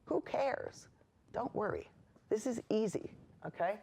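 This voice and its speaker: A painting instructor talks viewers through a lesson in an indoor studio. The voice sits in a middle pitch. The delivery is easygoing and reassuring, and it keeps wandering off into personal asides before coming back to the brushwork. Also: animated, measured pace, gravelly, a little mellow, slightly rough. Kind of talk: chatty on-camera painting lesson.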